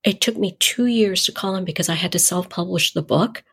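A middle-aged woman with a gravelly, husky voice that sits on the lower side. She tells her stories conversationally as an interview guest and slips into lively acted-out dialogue. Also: brisk. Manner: animated, acts out dialogue in her anecdotes. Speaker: nonprofit founder, interview guest. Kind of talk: conversational storytelling.

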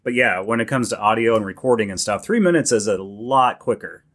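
A man's voice: lowish voice, fairly quick, fairly bright tone. A man co-hosting a podcast in casual chat, easygoing and agreeable. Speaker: podcast co-host.

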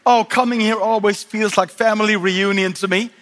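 A middle-aged man from Sweden with a Swedish accent, preaching a lively sermon with joking asides and frequent restarts. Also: high voice, moderate pace, background noise. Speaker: guest pastor. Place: large church auditorium. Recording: live sermon with long hall reverb.

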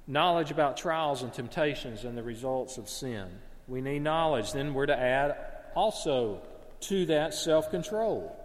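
Male pastor, sermon, earnest and conversational, fairly high voice, long hall reverb. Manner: earnest, conversational preaching with self-corrections.

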